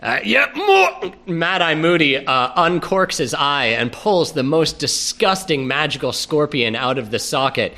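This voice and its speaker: A man's voice: a little high, measured pace, hardly any pauses, pushed and bright. A man hosting a comedy podcast, narrating a scene playfully and theatrically while laughing often. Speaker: podcast host. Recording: podcast recorded live.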